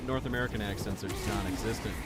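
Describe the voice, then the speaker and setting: A man from Wisconsin hosting a casual stream chat, talking in an animated, profane, rambling way. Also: on the low side, rapid-fire, noisy background.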